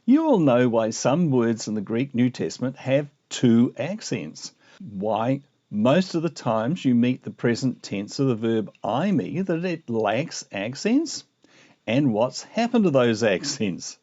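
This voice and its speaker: A man teaching a video lesson on Greek grammar, explaining with lively asides. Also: mid-range voice, a little slow. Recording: muffled lo-fi recording.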